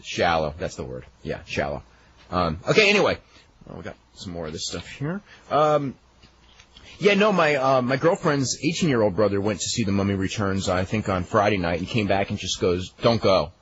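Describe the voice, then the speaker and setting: A man's voice: fairly low pitch, big pitch swings, moderate pace, fairly bright tone. A man hosting a talk radio show, chatting casually and telling rambling stories with chuckles. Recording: dull lo-fi archive radio with faint hiss.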